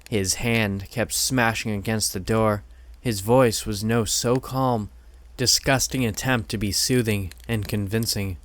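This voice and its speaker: A man reading horror stories aloud in measured, steady scripted narration. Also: lowish voice, no echo.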